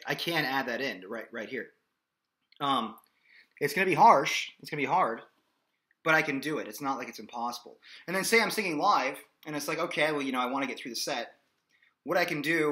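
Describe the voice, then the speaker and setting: A man's mid-range voice with a sharp tone leads a singing lesson as a vocal coach. His teaching is casual and explanatory, mixed with sung demonstrations, and he often asks "okay?" to check in.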